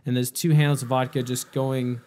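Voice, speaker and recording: A man's voice: mid-range voice, little pitch movement, a little fast, a little mellow. A young man and podcast host telling a story in casual chat, rambling and profane, with lots of "like".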